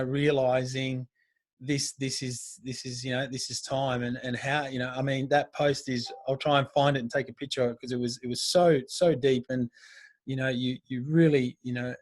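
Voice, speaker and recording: A man hosting a casual podcast, circling through long, halting questions. His sound is dry and close. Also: medium pitch, dry recording. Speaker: podcast host. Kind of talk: casual interview.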